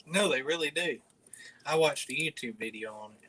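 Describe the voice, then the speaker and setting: A man's voice: on the high side, normal speed, background noise. A man from northern Alabama with a Southern accent, casually chatting with viewers on a livestream in a laid-back, mumbly drawl. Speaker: livestream host.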